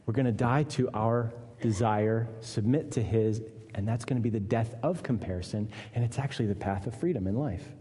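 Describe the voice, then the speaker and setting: A man preaching a sermon, earnest, dropping low and quiet for weight and rising to voice the people in his text. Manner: earnest, dips low and quiet for weight, lifts up to voice Jesus and Peter. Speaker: pastor. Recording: long reverb of a church hall.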